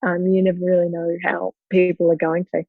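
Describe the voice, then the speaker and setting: Woman, forties, low voice, open and emotional, dry close sound, slightly dull audio. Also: completely flat delivery, fairly quick, gravelly, no echo. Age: 40s. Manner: open and emotional, laughs through hard moments. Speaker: guest. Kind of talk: candid personal conversation.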